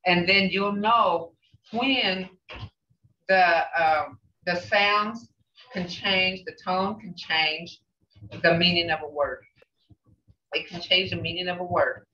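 Slow older woman teaching in a roomy space. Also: lowish voice, sharp tone. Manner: slow, repetitive teaching with emphatic questions. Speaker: language teacher. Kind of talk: language lesson. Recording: roomy, distant, dull sound.

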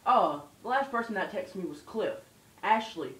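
A man's voice: high-pitched, expressive, normal speed, a bit bright. A groggy young man, loopy after dental anesthesia, rambling and giggling through a slurred story. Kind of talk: casual home video rambling. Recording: echoey room, far from the mic.

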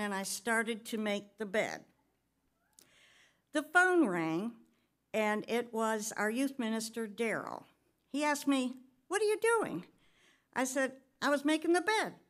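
A woman's voice: on the high side, fairly bright tone. A pastor's wife giving a personal testimony during a church service, telling her story in a conversational way with occasional fillers.

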